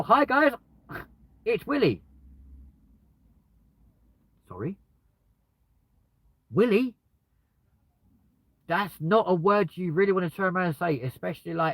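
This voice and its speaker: A man's voice: fairly high pitch, no room sound, rough recording. A British man chatting live from his car, joking and laughing at himself. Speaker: live streamer. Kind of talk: casual live-stream chat. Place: in a car with the window open.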